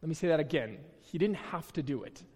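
A man's voice: a little high, expressive, brisk, mellow, slightly rough, big-room sound. A young man giving a casual, conversational sermon at a church, chatty and self-deprecating, with frequent restarts. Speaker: preacher. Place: church hall.

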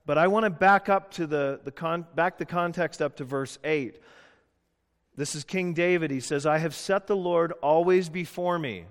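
Male pastor preaching, emphatic, slightly high voice, long hall reverb. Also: moderate pace. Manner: emphatic, rising to loud rhetorical questions. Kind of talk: sermon.

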